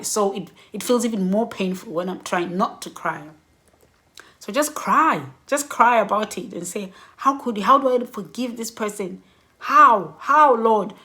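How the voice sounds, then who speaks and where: A middle-aged woman giving candid, reflective personal advice in a vlog, laughing softly between points. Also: mid-range voice. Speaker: vlogger.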